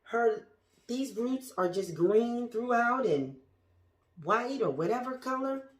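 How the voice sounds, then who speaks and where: A woman's voice: on the high side, lively intonation, slow. A woman showing her houseplants to viewers in a chatty, gushing way, talking straight to the camera and sometimes dropping to a whisper. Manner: drops to a whisper at times. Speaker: plant vlogger. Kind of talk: casual show-and-tell to viewers. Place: indoors among houseplants. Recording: echoey room.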